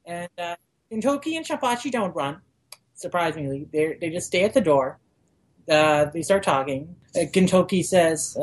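A woman guest on a podcast recapping a manga chapter in casual chat, using lots of "like" fillers and acting out the characters' lines in quick, raised voices. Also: lowish voice.

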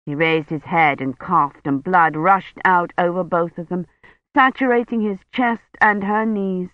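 A narrator reading an audiobook in a measured, unhurried storytelling manner. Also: mid-range voice, dry recording, highs cut off.

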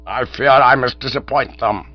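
A man's voice: medium pitch, normal speed, voice pushed up, close to an everyday voice. A man voicing an indignant elderly English duke who speaks in stiff, pompous, formal tones, on a dull recording with a mains hum. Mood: stiffly polite.

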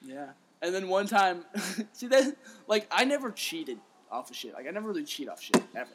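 A young man with a slightly high voice tells a story in casual podcast chat. He is animated, swears freely and laughs often. He acts out the quotes as he goes. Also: moderate pace, breathy edge. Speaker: podcast co-host.

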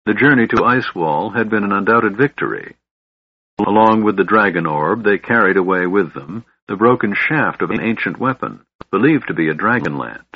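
A man narrating a fantasy audiobook with expressive storytelling; dull, dry lo-fi recording. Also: fairly low pitch, moderate pace, breathy edge, dry recording.

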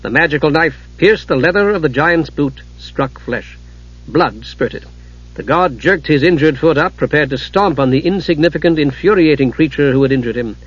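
A man's voice: a little high, expressive, slightly rough. Man narrating a dramatic fantasy audiobook. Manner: dramatic, measured storytelling. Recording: dull lo-fi recording.

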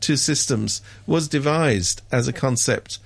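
A man chatting on a radio show, wry and sardonic, mimicking people in sudden high voices. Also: a little slow, vocal fry, no room sound. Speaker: radio commentator. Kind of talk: casual radio chat.

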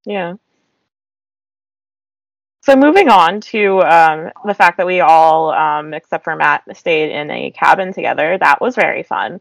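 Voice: mid-range voice, measured pace, creaky, no room sound, low-quality recording. A podcast co-host in casual chat, talking chattily with lots of filler likes.

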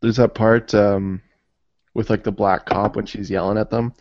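A man's voice: on the low side, level tone, normal speed, darkish tone, dry recording. A man co-hosting a casual chat about comedy films, easygoing, swearing freely and laughing often. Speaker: podcast co-host. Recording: dry, dull lo-fi audio.

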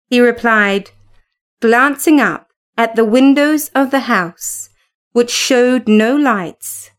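A woman narrating a classic story aloud in a measured, unhurried storytelling manner. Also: fairly high pitch. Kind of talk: storybook reading.

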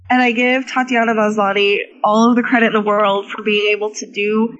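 A woman co-hosting a casual chat, animated, swearing freely and laughing often. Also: medium pitch, normal speed, highs cut off, soft background music. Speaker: podcast co-host.

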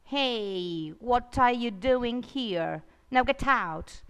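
A woman's voice: a little high, expressive, drawn-out words, clear, resonant tone, exaggerated voice. Storybook witch, female, cross and bossy, woman voicing, long echo around her. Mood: snappish. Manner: snappish, orders others about. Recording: long reverb.

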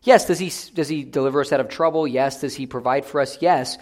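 A young man delivering a sermon as a pastor, earnest, swinging between loud emphatic declarations and quiet, hushed asides. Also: mid-range voice, brisk.

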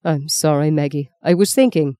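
A woman reading the part of a charming, guarded male priest who answers wryly and gently protests. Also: sits low, moderate pace, dry recording, clean studio sound, lightly acted. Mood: gentle.

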